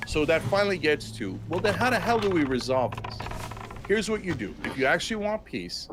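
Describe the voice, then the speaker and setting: A man's voice: a little high, very animated, brisk, noisy background. A man giving impassioned political commentary, emphatic and indignant, with mocking mimicry of opponents.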